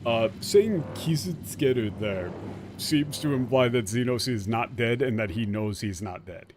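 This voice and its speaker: 男主播，随口骂几句的游戏解说. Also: male voice, medium pitch, lively intonation, a little slow, a little mellow, slight background noise. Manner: analytical, picks apart translation word by word; casual, swears freely. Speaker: game streamer. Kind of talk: let's play commentary.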